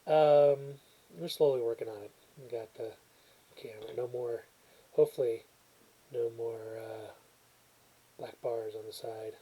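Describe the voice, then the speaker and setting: A rambling man talks casually into a laptop webcam from his couch at home. His voice is mellow and a little husky, and he stumbles and restarts often, poking fun at himself as he goes. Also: mid-range voice, fairly even intonation, a little slow, long pauses, rough recording. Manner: rambling, self-deprecating, frequent restarts and stumbles. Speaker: movie reviewer. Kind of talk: casual rambling chat and reading a cover blurb aloud. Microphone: built-in webcam or laptop mic, new mic not set up.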